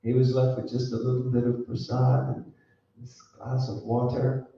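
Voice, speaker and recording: A man's voice: mid-range voice, monotone, moderate pace, vocal fry, highs cut off. A man telling a spiritual story to a gathering, playful, laughing often and quizzing the listeners, recorded from a distant mic in an echoey room. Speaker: spiritual teacher.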